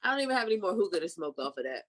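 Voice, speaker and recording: A relaxed woman co-host talking casually and poking fun at herself. Her voice sits a bit low, and she rambles easily through her thoughts. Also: rapid-fire. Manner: laid-back, self-deprecating. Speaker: podcast co-host. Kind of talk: casual chat.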